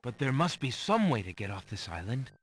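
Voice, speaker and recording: An actor voicing a courteous, earnest young prince asking questions in a computer game. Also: male voice, medium pitch, big pitch swings, a little fast, a bit bright, husky. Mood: polite. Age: young adult. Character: polite young male prince, earnest and curious.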